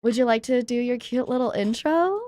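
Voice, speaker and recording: A young woman chats as a podcast host, her voice sitting on the higher side. She jokes and teases her guest constantly, breaking into laughs. The sound is close and dry, with no room at all. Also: expressive, darkish tone, no room sound. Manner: playful, teasing, quick to laugh. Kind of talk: casual podcast chat.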